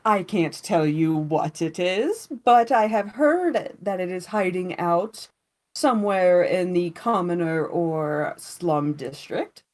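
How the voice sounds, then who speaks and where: A woman voicing a flamboyant, sly and charming male shopkeeper in a tabletop game, who talks in a smooth, affectionate way. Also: fairly low pitch, slow pace. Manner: smooth, affectionate, says darling and honey.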